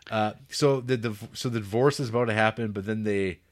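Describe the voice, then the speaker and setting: A man co-hosts a film podcast, reviewing movies in a casual, profane way, laughing and acting out scenes with sarcasm. His voice is on the low side and brisk.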